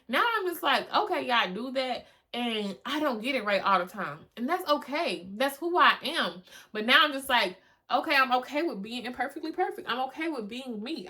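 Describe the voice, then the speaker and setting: High-pitched and sharp-toned, a young adult woman runs a solo podcast of motivational talk. She drives her points home with emotion, says lines again for effect, and curses without a second thought.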